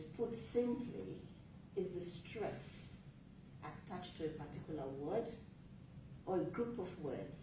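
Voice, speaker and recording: A woman delivering a prepared speech to a club audience in a measured, deliberate way, stressing key words. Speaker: club speaker. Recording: echoey room from far off with rumble.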